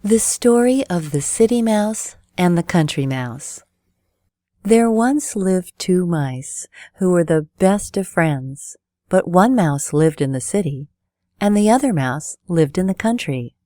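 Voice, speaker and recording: Low-voiced woman telling a bedtime story. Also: lively intonation, warm tone, no room sound, studio quality. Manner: slow, clear bedtime reading. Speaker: narrator. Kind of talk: storybook narration.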